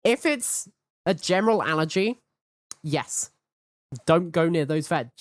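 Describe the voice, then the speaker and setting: Cheeky woman streamer, low voice. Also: lively intonation, unhurried, no room sound. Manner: hyperactive, cheeky, swears freely. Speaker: VTuber streamer. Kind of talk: casual live-stream chat. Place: home streaming setup.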